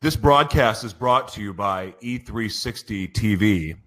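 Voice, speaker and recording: A man's voice: lowish voice, animated, a little slow, fairly bright tone. A man hosting a live radio show, giddy and emotional, stumbling over his intros with laughs. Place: broadcast studio.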